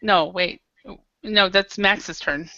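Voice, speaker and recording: Bright-voiced woman teaching online. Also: medium pitch, no echo. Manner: patient, models pronunciation slowly. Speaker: English teacher. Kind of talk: online English class. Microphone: video call. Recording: dull lo-fi video call audio.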